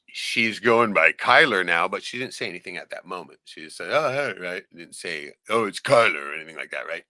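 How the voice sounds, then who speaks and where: This podcast host has a low-pitched voice captured in a dry recording. He tells a story in casual, profane chat, keeps asking "right?", and acts out the people in it by shouting their quoted lines.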